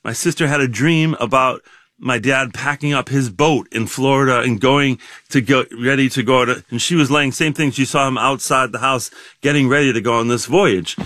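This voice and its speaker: A man in his sixties, a guest in an interview, talking reflectively with many pauses, fillers and restarts. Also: medium pitch, sharp tone, no room sound, studio quality. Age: 60s.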